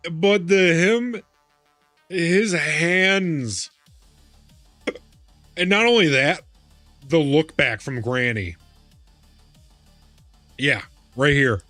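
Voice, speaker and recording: A male streamer chatting casually while gaming, with a lively, swinging pitch and an unhurried, drawn-out delivery. He reacts excitably, laughing and cursing. His voice is close and dry, with faint music playing underneath. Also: no room sound. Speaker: live streamer.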